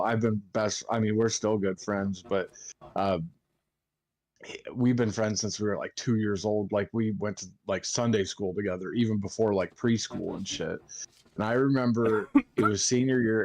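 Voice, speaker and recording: A man's voice: on the low side, fairly even intonation, normal speed, darkish tone. A young man telling rambling stories in casual podcast chat, swearing constantly and acting out what others said. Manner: rambling, heavy swearing, acts out quotes. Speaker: podcast co-host.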